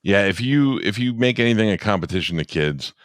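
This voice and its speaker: A man's voice: lowish voice, expressive, brisk, no room sound, studio quality. A middle-aged man co-hosting a podcast, bantering bluntly and profanely in casual chat. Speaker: podcast co-host.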